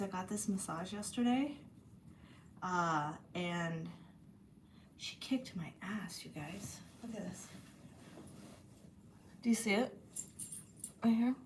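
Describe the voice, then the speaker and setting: A woman's voice: medium pitch, a little hiss or hum. A woman chatting casually to her viewers from her room, blunt and swearing freely, sore after a massage. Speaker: channel host.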